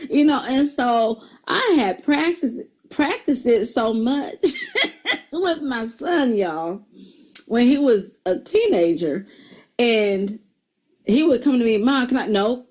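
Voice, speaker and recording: A middle-aged woman giving a motivational talk, telling stories in a lively way, laughing often and calling her viewers y'all. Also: fairly high pitch, slow pace. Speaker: self-help video host.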